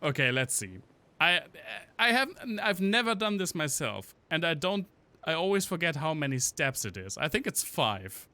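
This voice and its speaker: A man's voice: fairly high pitch, sing-song, moderate pace, pushed and bright. A man casually commenting on a game stream, joking and chatting with his viewers while he plays. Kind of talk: casual gameplay commentary to chat.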